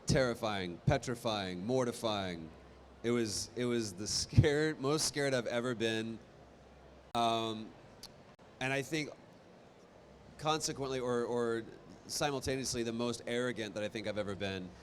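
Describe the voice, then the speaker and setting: A man in his thirties telling stories on a convention stage into a handheld mic, animated and self-deprecating. His voice sits at a mid pitch, and he trips into frequent restarts. A faint hiss sits under the sound. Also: measured pace. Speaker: voice actor guest on a convention panel. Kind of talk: live panel storytelling.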